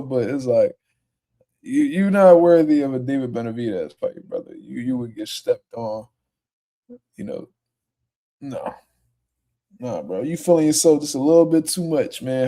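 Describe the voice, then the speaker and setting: Young man, livestream host, casual chat, profane, mellow dark voice. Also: mid-range voice, expressive, unhurried, long pauses. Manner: profane, laid-back, heated when arguing with commenters.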